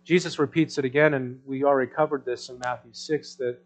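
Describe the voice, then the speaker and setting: A man preaching a sermon in a conversational way, checking in with the congregation through rhetorical questions and swinging between loud emphasis and soft asides. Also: medium pitch, steady tone, fairly quick, low-quality recording. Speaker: pastor.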